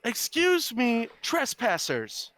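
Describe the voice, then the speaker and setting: Brief: male game master voicing a shrill, bossy middle-aged woman, high falsetto, officious. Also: huge pitch swings, takes it slowly, fairly bright tone, dry recording, full character voice.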